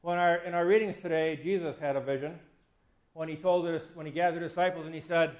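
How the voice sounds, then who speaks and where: A man's voice: on the high side, fairly even intonation, fast talker, roomy sound. A man in his fifties, a pastor giving a conversational sermon that acts out quoted speech with a self-deprecating touch. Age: 50s. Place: church.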